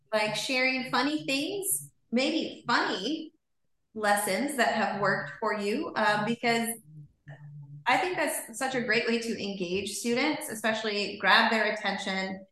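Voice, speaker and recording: Bright-voiced woman host, very echoey. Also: fairly high pitch. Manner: chatty, laughs through her words, many fillers. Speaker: podcast host. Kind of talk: casual podcast chat. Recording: very echoey room.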